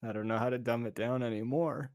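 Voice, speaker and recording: A man playing a tabletop game, speaking in a hesitant, unhurried way. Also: mid-range voice, fairly even intonation, a little mellow, dry recording, clean studio sound. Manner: slow and hesitant. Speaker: tabletop player. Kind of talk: casual tabletop play.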